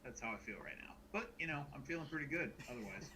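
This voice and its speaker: Wry, very bright-voiced male co-host. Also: medium pitch, animated, very fast, a little hiss or hum, rough recording. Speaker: podcast co-host. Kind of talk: casual chat.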